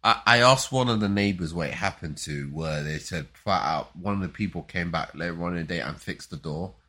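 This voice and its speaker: A man's voice: sits low, a little fast, bright, forceful tone. A man chatting casually, telling a rambling story with frequent stammers and restarts. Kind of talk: casual chat.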